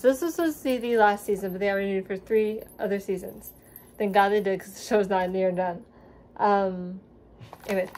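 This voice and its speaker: A woman's voice: medium pitch, a little mellow, slight background noise. A young woman at home talking casually in a vlog, rambling with many fillers as she runs through a TV series. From grew up in the US South after moving from Seattle at five. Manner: chatty, rambling, many ums and likes. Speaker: vlogger reviewing a TV series. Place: at home with her dog nearby.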